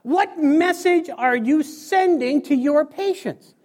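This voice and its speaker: A man's voice: very high voice, takes it slowly, darkish tone. A middle-aged man from Montana giving a humorous motivational talk to a live audience, joking and acting out his stories. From Montana, USA. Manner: joking, acts out stories with sound effects. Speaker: motivational speaker. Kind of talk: humorous keynote speech. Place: stage before a live audience.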